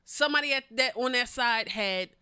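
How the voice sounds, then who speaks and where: A woman co-hosting a podcast in casual chat, telling stories in an animated way, swearing freely and laughing often. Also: fairly high pitch, normal speed, clear, resonant tone, no room sound. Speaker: podcast co-host.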